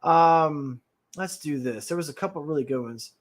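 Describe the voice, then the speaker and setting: A man's voice: on the high side, normal speed. A man and former Marine hosting a casual livestream, reacting bluntly and with feeling to videos and chatting to his viewers. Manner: blunt, animated, talks straight to viewers.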